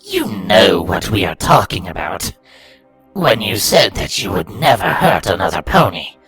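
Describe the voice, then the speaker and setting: A sneering, menacing inner voice, put on by a man reading a story aloud, slow and sharp-edged, swinging between hissing taunts and shouted accusations. It speaks in a bright, tense tone with a lively, rising and falling pitch. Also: soft background music, heavily acted. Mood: mocking. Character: sinister inner voice, male, mocking and cruel.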